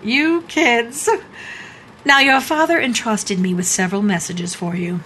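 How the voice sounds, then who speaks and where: An actress playing a playful, mocking female caretaker who teases the younger characters in a sardonic, drawn-out way. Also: on the high side, fairly even intonation, sharp tone, slight background noise. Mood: teasing.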